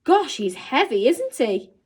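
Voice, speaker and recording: A woman voicing an excitable, dramatic young girl in a storybook reading, with squealing, wide-eyed exclamations. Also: high-pitched, measured pace, husky, voice pushed up, heavily acted. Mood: wondering.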